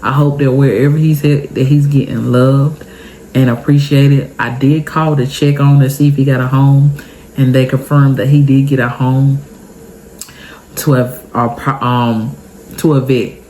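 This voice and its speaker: A young adult woman telling an emotional storytime vlog, tearful and expressive, talking straight to her viewers. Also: rumbling low, a little slow, slight background noise. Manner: expressive, heartfelt, chatty, addresses viewers directly. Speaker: vlogger.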